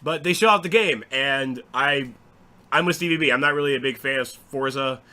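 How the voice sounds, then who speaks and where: Man from the US, bright forceful voice, sarcastic rambling gaming talk. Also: mid-range voice, moderate pace. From United States. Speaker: podcast co-host. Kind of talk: casual gaming chat.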